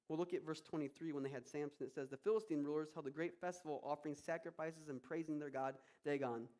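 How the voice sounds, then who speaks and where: A man's voice: fairly high pitch, fairly even intonation, fast, hardly any pauses, darkish tone. A male pastor preaching a sermon with energy, acting out quotes and prayers.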